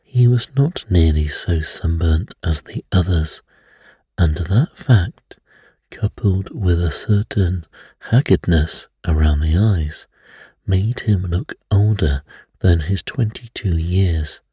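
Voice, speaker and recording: A man reading a mystery aloud as a bedtime story in a soft, soothing way. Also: deep voice, slow, slightly rough, dry recording, clean studio sound.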